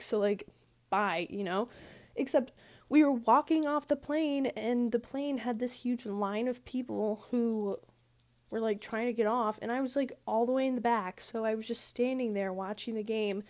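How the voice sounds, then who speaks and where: A woman's voice: a little high, moderate pace, a little mellow. A young woman telling a rambling story in a casual chat style, full of fillers and asides. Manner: rambling, chatty, lots of "like" fillers. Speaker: vlogger.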